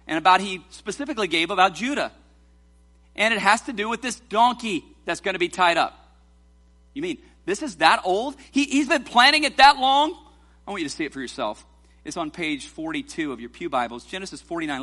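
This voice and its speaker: Bright, animated preacher man. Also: high-pitched. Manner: animated, slows for scripture, playful with congregation. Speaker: pastor. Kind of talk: sermon with congregational responsive reading. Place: church sanctuary.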